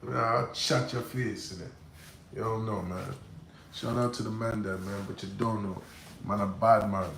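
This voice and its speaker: A man tells a personal story in casual, slang-heavy speech, checking in with "right?" and "you know what I'm saying" along the way. His voice has vocal fry, fairly even intonation and a moderate pace, with a little hiss or hum, and he swings between low muttered asides and loud emphatic bursts.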